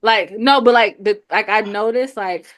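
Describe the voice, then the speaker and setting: A woman's voice: mid-range voice, normal speed, dry recording, studio quality. A woman in her thirties with a Southern US accent, chatting casually as co-host and telling stories with acted-out quotes. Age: 30s. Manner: laughing, animated storytelling with acted quotes. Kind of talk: casual chat.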